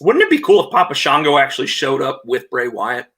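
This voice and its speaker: A man co-hosting a casual podcast, retelling events in a rambling, animated way with lots of restarts. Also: medium pitch, fairly quick, breathy edge. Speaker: podcast co-host. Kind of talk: casual chat, recapping wrestling.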